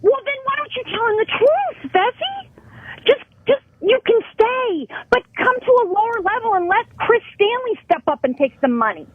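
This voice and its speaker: A woman's voice: very high-pitched, very animated, moderate pace, phone-quality sound. A woman calling in to a radio talk show, pleading and scolding with passion. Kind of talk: heated call-in confrontation.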